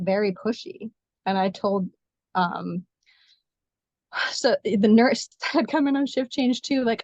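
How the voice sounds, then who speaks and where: A woman nurse telling the story of a difficult birth as an interview guest, animated and quick, acting out what others said to her. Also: medium pitch, no echo, highs cut off. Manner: fast, animated retelling with quoted dialogue. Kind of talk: emotional personal storytelling.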